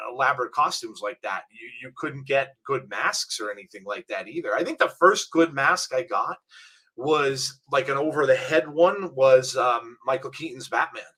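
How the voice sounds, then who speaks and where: A middle-aged man hosting a podcast, reminiscing in a halting casual chat with repeated words. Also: mid-range voice, pushed and bright. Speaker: podcast host.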